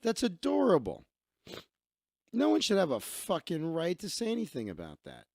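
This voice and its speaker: A man's voice: high-pitched, huge pitch swings, normal speed, creaky, darkish tone, no echo, studio quality. A man hosting a live stream, reading news stories aloud and ranting bluntly with heavy profanity.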